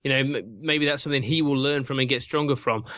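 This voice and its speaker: A man's voice: medium pitch, quick pace, fairly bright tone, dry recording. A man co-hosting a sports podcast, enthusiastic and questioning in casual chat. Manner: enthusiastic, questioning, addresses co-host by name. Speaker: podcast co-host.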